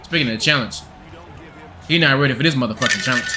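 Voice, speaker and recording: A man's voice: medium pitch, very fast, background noise. A young man giving profane, trash-talking gameplay commentary with a hyped, joking manner. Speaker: gaming video creator.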